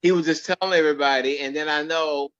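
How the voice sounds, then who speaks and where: Man, interview guest, animated storyteller, acts out quotes, fairly high voice, dull lo-fi sound. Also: fast talker. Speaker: actor guest.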